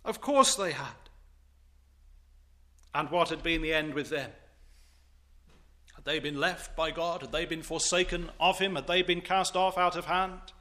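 A male preacher with a bright, ringing voice pitched a little high. He delivers an expository sermon, stacking rhetorical questions in old-fashioned, formal phrasing. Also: fairly even intonation, unhurried, pauses often.

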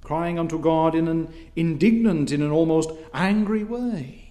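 In a formal, measured expository sermon, a man reads from scripture and rises in force as passion takes hold. His voice runs on the high side and has a mellow quality.

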